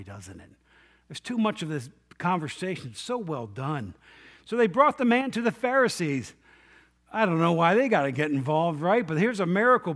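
High-voiced man preaching an animated sermon. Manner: animated storytelling, retelling a Bible story. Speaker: pastor.

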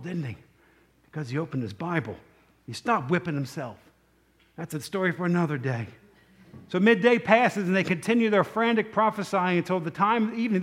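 High-voiced man preaching casually. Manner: conversational storytelling with rhetorical questions. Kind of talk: sermon.

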